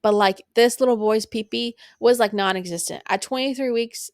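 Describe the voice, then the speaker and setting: A woman's voice: on the high side, normal speed, dry recording, clean studio sound. A young woman hosting a podcast, telling a personal story in a casual, blunt and profane way, laughing along as she goes. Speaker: podcast host.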